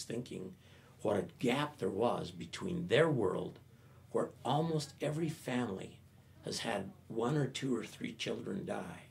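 Older male speaker, gravelly, animated storyteller at a talk. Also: lowish voice, a little hiss or hum. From United States. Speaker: professor giving a talk.

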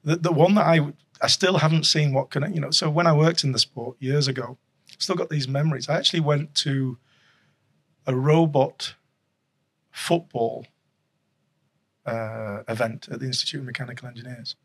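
A man's voice: mid-range voice, normal speed, slightly rough. A middle-aged man, a guest telling rambling stories in a casual chat, chuckling and restarting often. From Yorkshire, England. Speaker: guest, former rugby league coach and official.

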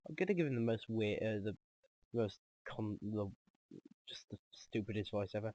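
A man hosting a let's play, commenting excitedly on the game, joking and laughing easily. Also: fairly low pitch, normal speed, no echo.

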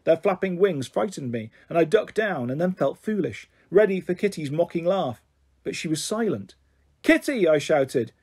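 A man reading a children's novel aloud in expressive storytelling narration. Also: a little high, normal speed, breathy edge.

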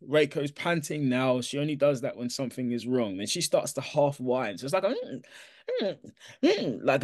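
Man giving an animated church testimony. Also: a little high, dry recording, clean studio sound. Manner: animated storytelling, quoting his own self-talk. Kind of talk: personal testimony to a congregation.

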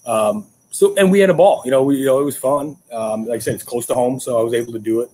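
A man talking as a guest in a casual interview, relaxed and halting as he answers. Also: mid-range voice, low-quality recording. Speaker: guest, former wrestler.

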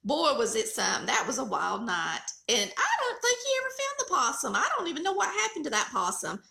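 Southern middle-aged woman, high lively voice, folksy storyteller, bright tone in an echoey kitchen. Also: fairly quick, gravelly. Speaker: cooking channel host. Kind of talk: casual storytelling chat.

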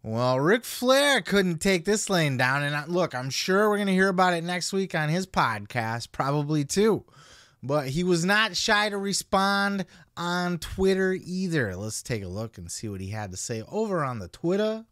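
A man's voice: high-pitched, big pitch swings, normal speed, a bit bright, no echo, studio quality. A man hosting a podcast, giving casual commentary in a blunt, heavily profane way. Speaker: podcast host.

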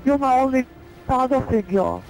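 A man's voice: very high voice, normal speed, creaky, darkish tone, pitched above the performer's own voice, poor audio. A man playing a boy who pleads with his father figure in a whiny voice. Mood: pleading.

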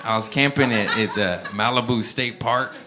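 A male stand-up comedian telling a profane, laid-back story on a club stage, with bursts of animated excitement. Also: mid-range voice, normal speed, a crowd in the background.

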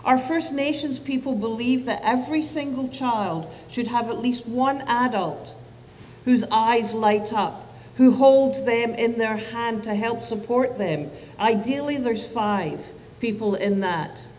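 A woman in her fifties with a fairly high voice gives a chatty, self-deprecating talk to parents and teachers. She is heard from some way off in a hall with a long reverb. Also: takes it slowly, darkish tone. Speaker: child psychiatrist and speaker. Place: event hall. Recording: distant mic, long hall reverb, faint noise.

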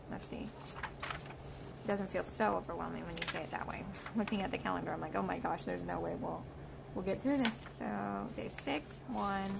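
A woman's voice: lowish voice, gravelly. A young woman and homeschooling mom casually talking through books in a vlog, thinking aloud with fillers. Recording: loud background noise.

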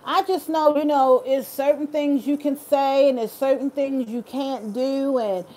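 A woman's voice: sits high, steady tone, a little slow, dark tone. A woman hosts a casual live stream. She reads out viewers' comments and answers them directly, earnest and encouraging.

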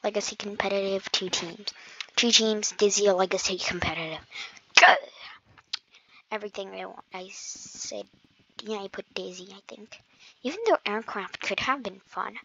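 A woman giving casual gameplay commentary, playful and self-mocking, with bursts of excited exclamations. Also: medium pitch, normal speed, slightly rough, dull audio. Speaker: gamer commentator.

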